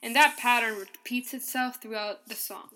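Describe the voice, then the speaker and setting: Woman, podcast narrator, scripted narration, even explanatory tone, slightly high voice, faint music underneath. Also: moderate pace. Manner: reads from a script in an even, explanatory tone, counting beats aloud.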